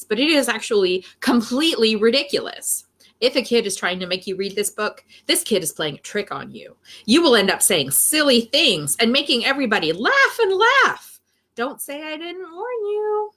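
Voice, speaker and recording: A woman's voice: medium pitch, fairly bright tone. A woman reading a silly children's book aloud, playful and full of exaggerated reactions. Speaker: storytime reader.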